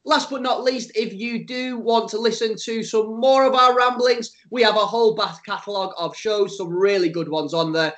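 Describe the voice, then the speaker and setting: High-voiced teasing podcast host. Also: male voice, steady tone, a bit bright. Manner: playful, teasing, quick to laugh. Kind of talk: light-hearted podcast chat.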